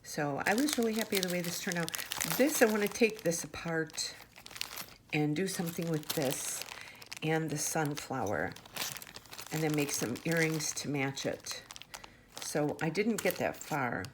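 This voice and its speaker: A woman's voice: deep voice, animated, a little slow, noisy background. A woman showing off her handmade jewelry in a casual vlog, chatty and gushing, with fillers and restarts. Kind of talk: casual show-and-tell vlog. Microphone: camera mic on a tabletop.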